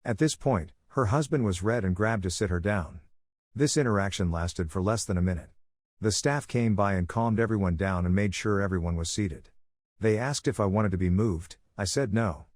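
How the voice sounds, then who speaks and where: A man narrating a personal story in a flat, steady retelling. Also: lowish voice, normal speed, no echo, studio quality. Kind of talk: reading a story.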